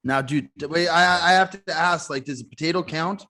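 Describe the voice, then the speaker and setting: A man co-hosting a podcast in casual chat, animated and self-interrupting, laughing often. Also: a little high, fairly quick. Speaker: podcast co-host.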